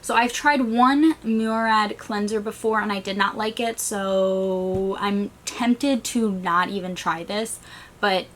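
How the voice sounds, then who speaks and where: A woman chatting casually through a beauty box unboxing, talking fast and trailing off, still recovering from a migraine in a small stuffy room. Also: mid-range voice, slight background noise. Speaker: beauty vlogger.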